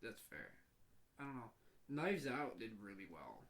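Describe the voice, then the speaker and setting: The young co-host's voice is on the low side yet swoops wildly in pitch, a little slow, gravelly and fairly bright. He chats casually on the podcast and often trails off mid-sentence, with faint background noise in the recording.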